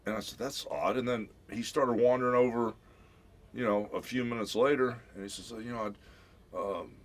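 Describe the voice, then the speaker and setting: A man in his fifties, a celebrity guest on a radio show, telling a lively story and acting out what people said, calling everyone brother. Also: mid-range voice, brisk. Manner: animated storyteller who acts out quotes, calls people brother. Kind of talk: casual radio interview storytelling.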